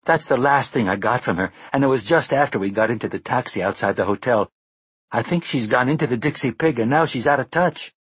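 A man's voice: medium pitch, a little fast, slightly rough, no room sound, voice pushed up, lightly acted. A man voicing a serious, thoughtful young boy who speaks in an earnest, searching way. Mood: puzzled.

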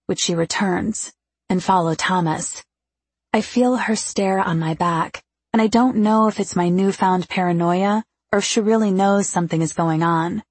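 A woman with a husky, gravelly voice narrating a first-person novel in an intimate, confiding way. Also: fairly low pitch, dry recording. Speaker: audiobook narrator.

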